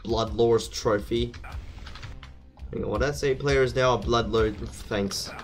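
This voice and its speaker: A man's voice: medium pitch, steady tone, a little slow, soft background music. A man giving let's play commentary, jumpy and thinking aloud, swearing at the enemies as he plays. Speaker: gameplay commentator.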